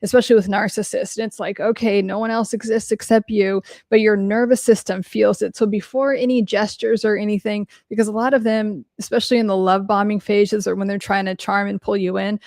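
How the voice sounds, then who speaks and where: Woman podcast host, mental health coach, raspy fry in her voice, super dry mic, blunt and sweary. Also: medium pitch, fairly quick, few pauses, no echo. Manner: blunt, swears freely, many fillers; animated storytelling. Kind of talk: casual solo talk answering questions.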